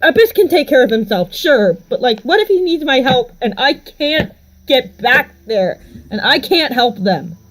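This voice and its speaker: A troubled young man, protective and torn between anger and worry, speaking in a slow, halting tabletop-game scene, as a woman puts him on in her own easy voice. His words come unhurried and earnest. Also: fairly low pitch, a little mellow, low-quality recording. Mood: worried.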